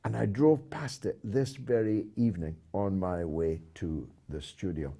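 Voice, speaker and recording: A man hosting a talk show, reading out poll results and donations with dry, measured asides. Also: low voice, creaky, warm tone, breathy edge.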